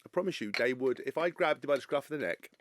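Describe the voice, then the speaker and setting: A man, a podcast guest telling a story in casual chat, animated and swearing freely. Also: mid-range voice, quick pace, dry recording, clean studio sound. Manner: animated, swears freely, acts out quotes in other voices.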